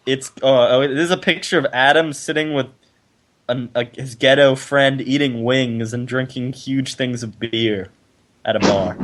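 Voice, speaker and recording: A man's voice: medium pitch, fairly even intonation, unhurried, fairly bright tone. Crude, laughing podcast co-host man. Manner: crude, laughing, swearing, mocking readings. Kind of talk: casual chat, reading posts aloud.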